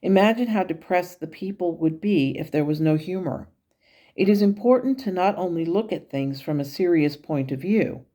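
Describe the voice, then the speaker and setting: A woman voicing the wise, gently humorous words of a male angel guide in her own measured, teaching tone. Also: lowish voice, close to an everyday voice. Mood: gently instructive.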